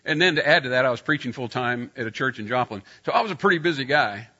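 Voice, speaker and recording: Bright-voiced middle-aged male preacher. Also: mid-range voice, animated, fast, highs cut off. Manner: storytelling, rising loud when acting out scenes. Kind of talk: sermon with personal story.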